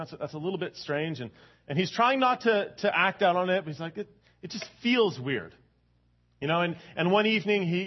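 A man's voice: sits high, dull audio. A man giving a sermon, telling a story in a conversational way with many repeated words and building to fervent emphasis. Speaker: preacher.

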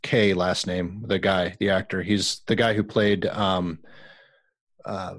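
A man with a somewhat low voice co-hosts a relaxed podcast. He delivers dry, deadpan one-liners and patiently spells out instructions for listeners. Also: takes it slowly. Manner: dry, deadpan jokes, explains step by step. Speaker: podcast co-host. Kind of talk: casual chat.

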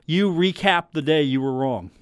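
A man's voice: on the high side, normal speed, clear, resonant tone, no echo. A man hosting live sports radio from a studio, rambling and joking with lots of restarts. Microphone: studio microphone.

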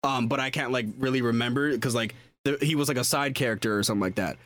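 This is a young man chatting on a casual podcast, and he gets excitable and rambles. His voice sits at an ordinary middle pitch, and he keeps circling back with fillers and false starts. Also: fast talker. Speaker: podcast co-host. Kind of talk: casual chat.

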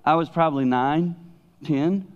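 An older man preaching a sermon, swinging between loud emphasis and hushed, personal asides. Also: on the high side, a little slow. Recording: dull lo-fi recording.

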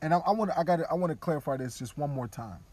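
A man podcasting, talking candidly and casually, now and then dropping into quiet mock voices of others. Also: on the high side, racing. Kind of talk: casual opinion talk.

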